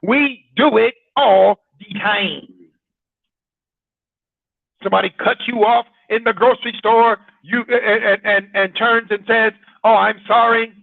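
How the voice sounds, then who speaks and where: High, gravelly man on a tinny line. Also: steady tone, unhurried, dry recording. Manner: conversational, poses rhetorical questions to listeners. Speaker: broadcast host. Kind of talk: informal broadcast talk. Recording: dry, tinny phone-like sound.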